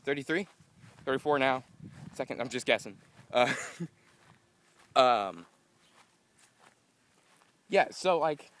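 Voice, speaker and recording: A young man chats on a casual outdoor vlog, out of breath after a walk uphill, rambling and exasperated. His voice is bright and forward, and he acts out his own frustrated quotes. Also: medium pitch. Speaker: vlogger.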